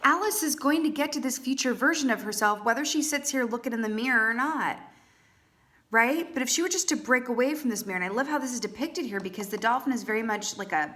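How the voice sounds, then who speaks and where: A woman's voice: fairly high pitch, quick pace, pushed and bright. A woman giving a casual, playful tarot reading, chatty and full of "right?" asides. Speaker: tarot reader.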